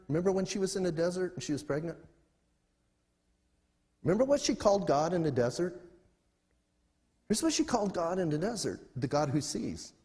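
A middle-aged male pastor preaching a sermon in an animated, conversational way with humor. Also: fairly high pitch, long reverb tail.

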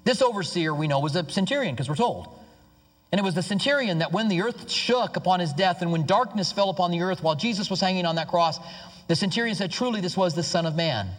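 A man preaching a sermon as pastor, emphatic, dropping to hushed low tones and rising to excited outbursts. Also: fast. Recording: long hall reverb.

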